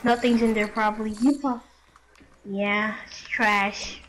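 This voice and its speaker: A woman's voice: medium pitch, steady tone, takes it slowly, fairly bright tone, a little hiss or hum, low-quality recording. A woman gaming with a friend, boastful and goofy in casual chat. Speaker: gamer.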